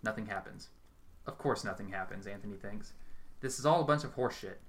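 A man's voice: lowish voice, brisk. Man narrating a horror story.

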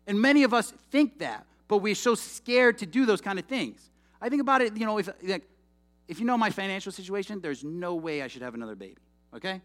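A young man preaching a sermon in a casual, animated, conversational way, with frequent asides to the congregation. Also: high voice, fast talker.

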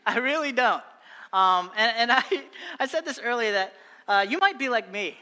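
A man's voice: extremely high pitch, animated, normal speed, bright, forceful tone, big-room sound. A young adult man preaching a sermon, earnest and exhorting, often repeating phrases for emphasis. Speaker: pastor.

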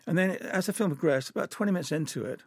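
A man's voice: high-pitched, fast, slightly rough, no echo, studio quality. An older man from England, an animator, telling rambling, chuckling anecdotes in an interview.

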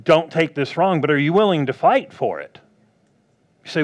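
A man preaching a sermon, acting out quoted voices and swinging between loud bursts and hushed asides. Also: a little high, expressive, fairly quick.

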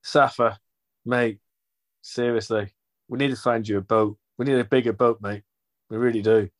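A man's voice: medium pitch, fairly even intonation, moderate pace. A man hosting a football fan podcast, chatting casually with jokey, rambling banter. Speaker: podcast host. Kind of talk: casual chat.

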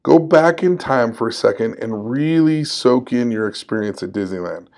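A man's voice: medium pitch, animated, moderate pace, a little mellow. A man in his forties hosting a solo podcast, talking in an upbeat, conversational and encouraging way and laughing at himself now and then. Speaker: podcast host.

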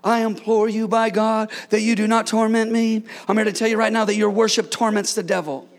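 A man preaching a sermon as a pastor in a church, shouting key lines and cracking jokes in between. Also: high-pitched, little pitch movement, fairly quick. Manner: preaching with shouted emphasis and playful asides.

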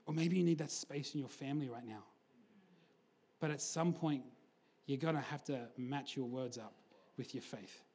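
A man preaching a lively sermon, telling stories with energy and acting out quotes before settling into a quieter appeal. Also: medium pitch, slightly rough. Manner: energetic storyteller, acts out quotes, drops to a hushed close.

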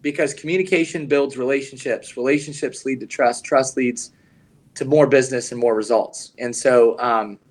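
A man co-hosting a podcast, telling a coaching story in an earnest, emphatic way and slowing down on his key points. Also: mid-range voice, steady tone. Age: adult, past his young advisor years. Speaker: podcast co-host, advisor coach.

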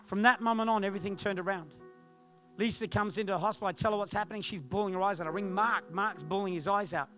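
A male pastor telling a personal testimony in a sermon, animated and acting out the voices of others. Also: high-pitched, fast, soft background music. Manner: animated storytelling, acts out quoted voices.

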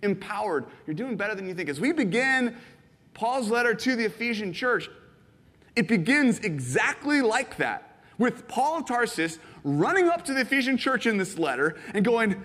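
Preaching in a church sanctuary, a fast-talking pastor in his thirties delivers animated storytelling packed with filler words in a high voice. The hall gives his sermon a long, ringing reverb.

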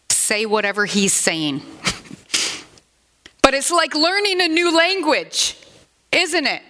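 An older woman pastor preaching a sermon in a chatty, animated way, with asides to the congregation. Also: high-pitched.

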